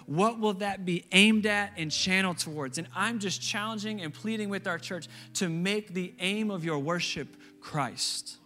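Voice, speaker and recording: A man's voice: high-pitched, pushed and bright. A man pastor preaching a sermon, emphatic and repeating key phrases for stress.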